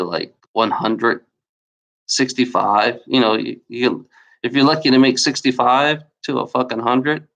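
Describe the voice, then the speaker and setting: A man's voice: medium pitch, fairly bright tone. A man venting angrily in a rambling, profane video rant, repeating himself often and saying he has been lied to. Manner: angry, feels lied to. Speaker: YouTuber.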